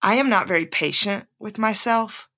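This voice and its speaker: Forceful, bright-voiced woman podcast host. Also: mid-range voice, normal speed. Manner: candid, animated storytelling with frequent laughs. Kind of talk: casual personal monologue.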